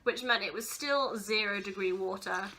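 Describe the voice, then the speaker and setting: A woman's voice: mid-range voice, normal speed, pushed and bright, a little hiss or hum. A young woman vlogging casually, gushing and giggly as she goes through keepsakes, teary-eyed and sentimental. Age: young adult. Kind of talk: casual vlog chat.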